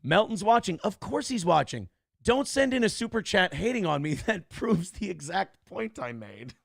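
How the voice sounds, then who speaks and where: A man's voice: sits high, sing-song, normal speed, vocal fry, no echo, studio quality. A man hosting a livestream talk show, boasting and combative as he lectures his audience and reads out super chats.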